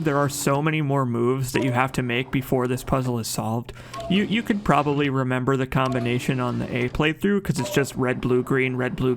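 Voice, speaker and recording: A man with a gravelly, fry-tinged voice talks through his gameplay in a loose, chatty commentary. He gets excited over the details, trips over and corrects his own words, and throws in offhand jokes. A faint hiss sits under the recording. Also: medium pitch. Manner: chatty, enthusiastic, jokes and corrects himself mid-sentence. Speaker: let's play commentator.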